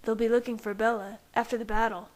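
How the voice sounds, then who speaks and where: A woman's voice: on the high side, level tone, fast, natural voice. A woman voicing an eager teenage male werewolf delivering an urgent warning.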